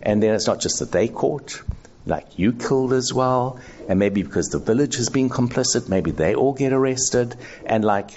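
A man's voice: mid-range voice, lively intonation, moderate pace, a little mellow, a little hiss or hum. A man teaching ethics to a live audience in a conversational way, polling the room and acting out quoted voices. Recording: dull lo-fi sound.

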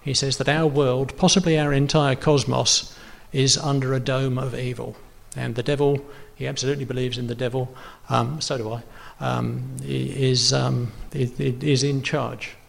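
Gravelly-voiced man preaching casually. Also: medium pitch, little pitch movement, normal speed, hardly any pauses. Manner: conversational, rambling with many fillers and restarts. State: runny nose. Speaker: pastor. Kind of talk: sermon.

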